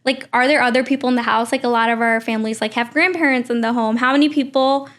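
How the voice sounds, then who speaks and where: A woman's voice: on the high side, fairly even intonation, fast, a bit bright. A young adult woman co-hosting a casual podcast about her work as a behavior analyst, talking in a chatty way full of "like" and "you know.". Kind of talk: casual conversational podcast chat.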